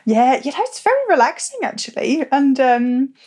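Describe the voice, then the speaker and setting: A woman with a slightly high voice co-hosts a relaxed podcast chat. She sounds upbeat and loose, leaning on fillers and laughing easily. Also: normal speed, breathy edge. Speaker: co-host.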